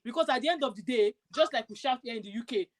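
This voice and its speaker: A woman's voice: fairly high pitch, quick pace. A woman from Nigeria with a Nigerian accent, ranting emphatically and repetitively on a live stream. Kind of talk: impassioned live stream talk. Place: United Kingdom.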